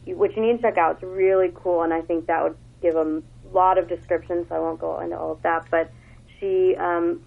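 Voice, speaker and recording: A woman with a lowish, gravelly voice recommends books in an easygoing, chatty way, leaning on filler words. The sound is narrow and phone-like, as if carried over a radio line. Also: steady tone, brisk. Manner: chatty and enthusiastic, with many fillers. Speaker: book recommender on a radio segment. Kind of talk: casual book talk.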